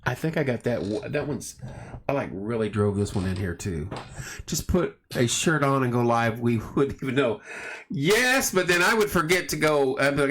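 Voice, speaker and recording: A man's voice: medium pitch, lively intonation, moderate pace, a bit bright. A man hosting a casual home livestream, rambling through stories and greeting viewers by name. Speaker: livestream host. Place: home room at night.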